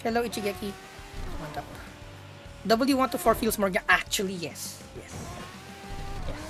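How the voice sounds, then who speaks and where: A woman's voice: a little high, lively intonation, normal speed, over music. A young woman, chatting playfully to her live-stream audience while gaming and laughing often.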